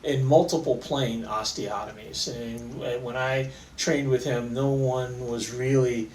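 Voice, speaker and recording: A middle-aged man, an orthopaedic surgeon, tells stories in a relaxed way, with many fillers and restarts. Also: mid-range voice, unhurried, echoey room, far from the mic, slight background noise, rough recording. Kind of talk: conversational storytelling interview.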